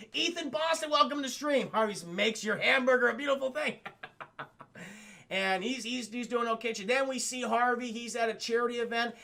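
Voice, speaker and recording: High, gravelly, bright-voiced male streamer. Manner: profane, rambling, calls chat "Chad". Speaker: streamer reviewing cartoons. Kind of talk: casual spoiler recap to live chat.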